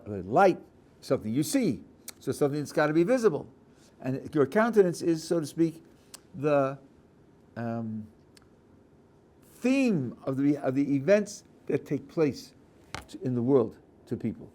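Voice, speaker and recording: A rabbi lectures with a voice that rises and falls constantly, giving his example stories real drama. He acts out little scenes as he teaches and often stops to rephrase himself, like a man thinking aloud in front of his class. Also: on the high side. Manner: animated storyteller, acting out scenes, with frequent restarts. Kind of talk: Torah lecture with acted-out examples.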